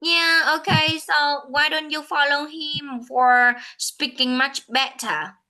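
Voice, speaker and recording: Slow bright-voiced Vietnamese woman tutor. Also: sits high, fairly even intonation, low-quality recording. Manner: slow, repeats and corrects herself. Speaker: English speaking tutor. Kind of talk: online one-on-one lesson.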